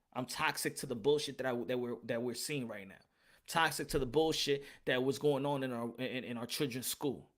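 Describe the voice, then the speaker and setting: A male podcast host goes on a casual rant, hammering his points emphatically, repeating himself and dropping into Spanish phrases. His voice sits on the high side and is a bit bright.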